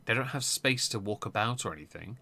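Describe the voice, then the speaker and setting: A man's voice: on the low side, lively intonation, fairly quick, vocal fry, sharp tone, no echo. A man hosting a political live stream, giving casual commentary with lots of ums and blunt swearing.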